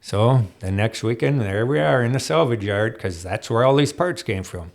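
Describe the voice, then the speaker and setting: A man spinning old racing stories as a guest in a studio. He is lively and quick to laugh, and he slips into other people's voices as he goes. His pitch sits mid-range for a man. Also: creaky. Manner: animated, laughs often, acts out quotes. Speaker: guest, off-road racer. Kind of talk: storytelling interview chat.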